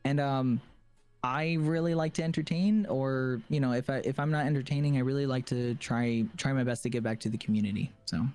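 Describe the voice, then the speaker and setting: A young man, a streamer guest in a casual interview, talking in a halting way with many fillers and restarts. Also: mid-range voice, steady tone, a little mellow, clear, resonant tone, soft background music.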